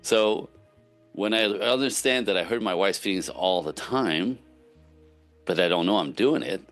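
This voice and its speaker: Low deep guy, relationship coach on a podcast, punchy, keeps going "right?", faint music under it. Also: a little slow. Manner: emphatic, animated, frequent "right?" tags. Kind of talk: casual conversational advice.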